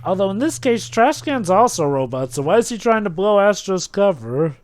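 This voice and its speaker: A man's voice: sits high, sing-song, normal speed. A man musing and speculating during casual movie commentary.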